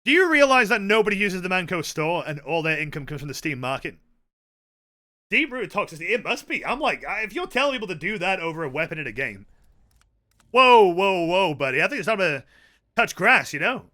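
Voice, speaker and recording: A man's voice: sits high, sing-song, fast talker, sharp tone. A man chatting casually to his viewers while playing a game, telling rambling stories and swearing a lot. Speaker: game streamer. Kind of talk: casual live-stream chat while gaming.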